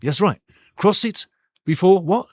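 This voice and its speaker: A man's voice: high voice, animated, unhurried, darkish tone, no echo, clean studio sound, pitched above the performer's own voice. A man voicing a male football coach who drills simple instructions at a player. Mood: instructing. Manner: blunt, drilling commands.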